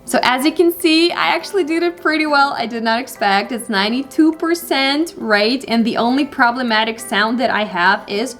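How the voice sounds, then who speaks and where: A woman's voice: fairly high pitch, moderate pace, hardly any pauses, a bit bright, soft background music. A woman whose native languages are Russian and Ukrainian, teaching English pronunciation step by step in a video lesson and demonstrating words aloud. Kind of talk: YouTube language lesson with app demo.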